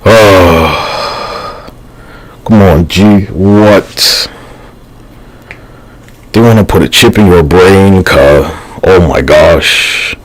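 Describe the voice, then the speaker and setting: A man's voice: sits low, extremely slow, long pauses. A man rambling through a livestream monologue, profane and slangy, drifting between thoughts with sighs and fillers.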